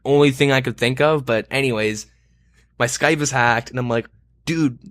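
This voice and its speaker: A man's voice: medium pitch, steady tone, normal speed, a bit bright. A young man co-hosting a podcast, telling a long story in casual chat, rambling with lots of fillers and frequent swearing. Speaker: podcast co-host.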